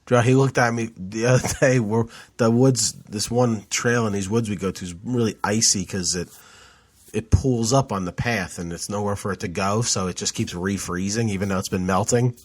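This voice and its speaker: A man's voice: lowish voice, fairly even intonation, moderate pace, no echo. Laid-back man swapping stories. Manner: laid-back storyteller, swears, says bro and dude. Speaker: podcast co-host. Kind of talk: casual chat.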